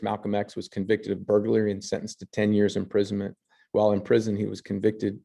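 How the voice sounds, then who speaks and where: A man's voice: lowish voice, creaky, dark tone. A man teaching history, reading passages and then commenting on pictures, with fillers and restarts. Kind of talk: lecture over slides.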